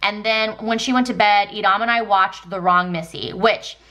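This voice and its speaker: A woman's voice: mid-range voice, steady tone, moderate pace, sharp tone. A woman in her thirties from Texas, chatting casually through a planner flip-through with lots of ums and likes. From Texas, United States. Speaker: planner vlogger.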